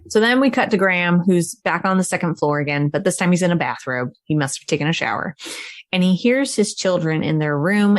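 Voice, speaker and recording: A woman's voice: lowish voice, no room sound, clean studio sound. A woman casually recapping a film as a podcast co-host, chatty and laughing often. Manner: chatty storytelling with frequent laughs.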